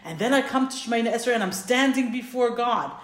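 A woman's voice: a little high, animated, quick pace, close to an everyday voice. A woman voicing a humble male sage who speaks in an earnest, self-searching way. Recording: roomy echo.

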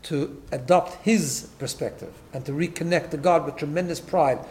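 A man's voice: fairly high pitch, normal speed, darkish tone, a little hiss or hum. A man teaching a Torah class, emphatic, often repeating words and checking in with "right?". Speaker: rabbi.

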